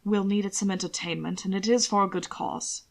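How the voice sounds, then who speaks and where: A woman voicing a calm, refined aristocratic lord who speaks low and measured, in an audiobook reading. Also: creaky, close to an everyday voice. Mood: composed.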